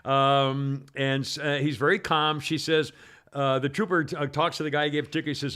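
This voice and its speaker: A man's voice: on the high side, steady tone, fairly quick, sharp tone. A man hosting a casual news talk show, rambling with many fillers and restarts. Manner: acts out quoted people in a raised voice. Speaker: podcast host.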